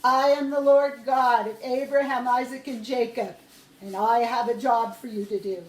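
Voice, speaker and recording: A woman's voice: a little high, fairly even intonation, a little slow, a little mellow, roomy sound, natural voice, low-quality recording. A woman voicing God speaking from a burning bush, solemn and commanding, in a storytelling reading.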